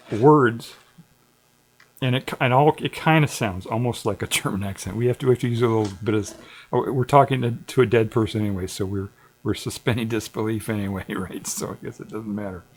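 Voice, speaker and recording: In a casual, rambling livestream, the middle-aged host talks at a moderate pace in a medium-pitched voice. He's relaxed and digressive, frequently breaking into chuckles.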